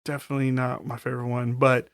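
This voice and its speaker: A man's voice: mid-range voice, fast, gravelly. A man co-hosting a podcast, recapping a horror movie in casual, profane chat. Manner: profane, animated storytelling with acted-out quotes. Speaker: podcast co-host.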